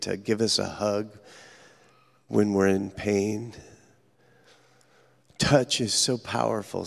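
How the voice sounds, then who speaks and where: A man preaching a sermon as pastor, telling stories earnestly with dramatic pauses. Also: fairly low pitch, gravelly. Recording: echoey hall reverb.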